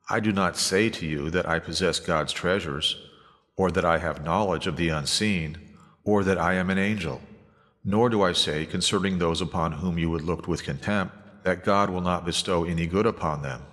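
A patient old prophet, earnest and steady, as a man reads him aloud. The voice sits very low and trails into a long hall reverb.

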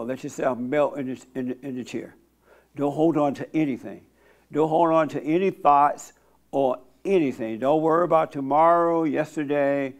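A man hosting a church meeting, counseling a guest bluntly and then leading a slow guided silent prayer. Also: mid-range voice. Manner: blunt, plain-spoken, teasing; slow, soothing instructions during meditation.

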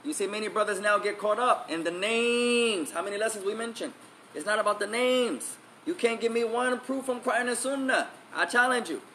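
Giving a religious lesson, a male Islamic teacher uses a high, fairly bright voice at a moderate pace. He stresses and repeats key phrases and switches between English and Arabic recitation. Faint noise sits in the background.

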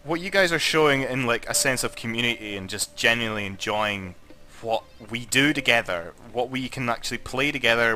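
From Scotland, this young man has a mid-range voice and runs a gaming YouTube channel, narrating his own play. He's a bit drunk, cursing and joking as he alternates between mumbles and excited yells.

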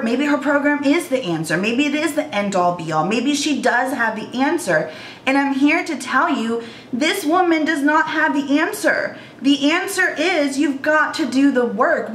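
A woman in her thirties tells her story in an earnest, emotional way, often restarting her sentences. Her voice sits high. The room gives it a noticeable echo, with faint noise underneath. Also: a bit bright. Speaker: vlogger. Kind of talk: storytime vlog.

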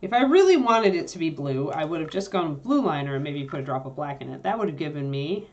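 Low-voiced woman chatting through a painting tutorial. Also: sing-song, fast talker, a little mellow, dull audio. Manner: chatty, thinks aloud with fillers while working. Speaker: miniature painting instructor.

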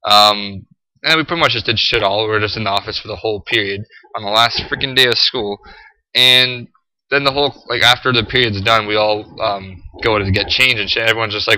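A teenage high school boy ranting to camera, profane and exasperated, full of "like" and "freaking". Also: a little fast, bright, forceful tone, dry recording, poor audio. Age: teens. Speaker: high school student vlogger.

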